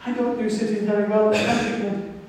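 A woman's voice: mid-range voice, little pitch movement, moderate pace, dark tone, distant mic. Woman preaching in an echoey hall. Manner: reflective, storytelling. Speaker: missionary speaker. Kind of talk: sermon with personal testimony.

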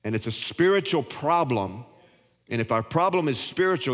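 A man's voice: on the high side, lively intonation, moderate pace. Older male pastor preaching in a hall. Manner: conversational preaching with repeated restarts. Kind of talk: sermon. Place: church sanctuary. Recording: long hall reverb.

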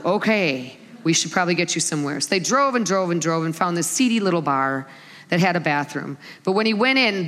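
A middle-aged woman preaching a sermon, telling stories with lively acted-out quotes. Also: lowish voice. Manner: animated storytelling with acted-out quotes. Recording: long hall reverb.

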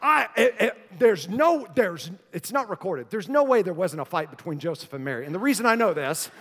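A man with a high voice preaches a sermon to his congregation, easygoing and joking but turning earnest. His voice rings out with the long reverb of a church hall. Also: big pitch swings, a little fast, a bit bright. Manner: conversational, joking, then earnest. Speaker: pastor. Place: church sanctuary.

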